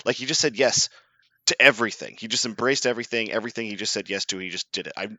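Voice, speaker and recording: A man chatting on a podcast with a bright, forward voice and dry close-mic sound. He tells stories casually and animatedly and laughs along at his own punchlines. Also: lowish voice, quick pace, no echo. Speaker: podcast host. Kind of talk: casual storytelling chat.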